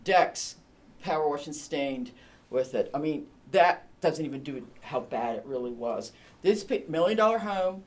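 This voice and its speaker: A woman realtor presenting a home staging seminar, chatty and emphatic with quick practical asides. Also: a bass voice, a little hiss or hum. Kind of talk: presentation to an audience.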